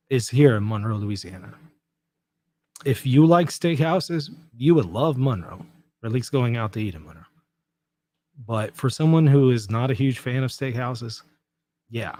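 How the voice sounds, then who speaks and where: A man hosting a livestream, reading out viewer comments in relaxed, self-mocking chat and laughing often. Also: medium pitch, no room sound. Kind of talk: casual chat.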